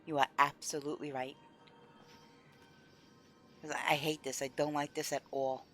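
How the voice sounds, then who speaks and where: A woman's voice: low voice, flat delivery, normal speed, a bit bright, soft background music. A woman live-streaming a game, chatting casually with her viewers and openly voicing her frustration.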